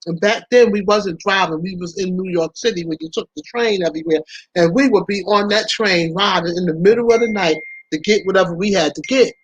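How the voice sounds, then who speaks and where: A woman's voice: medium pitch, fairly quick, husky, no room sound, lo-fi sound. A woman hosting her own channel, chatting candidly about past relationships, laughing often and talking to listeners as y'all. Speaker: vlog host.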